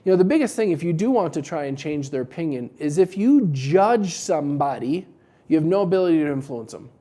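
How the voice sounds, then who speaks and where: A man with a mellow, warm voice talks casually to camera, giving business advice with a wry, joking edge. He tells animated little stories to make his point. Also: a little high, brisk. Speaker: business coach for dental practices.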